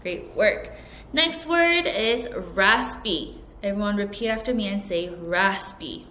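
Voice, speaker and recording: Woman at mid pitch, a patient vocabulary teacher for a recorded children's lesson, slow and carefully enunciated, echoey room. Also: a bit bright. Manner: slow, clear, over-enunciated teaching delivery with repeat-after-me prompts.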